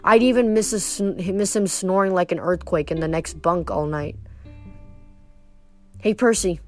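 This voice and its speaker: A woman's voice: lowish voice, fairly even intonation, moderate pace, faint music behind. A woman reading a novel aloud expressively, with occasional slips and restarts. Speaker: reader.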